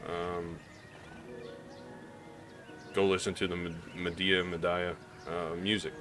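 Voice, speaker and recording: Speaking slowly in a deep, fairly monotone voice, a Missouri gaming YouTuber with a touch of Southern drawl rambles candidly through his vlog, often restarting. Music plays underneath.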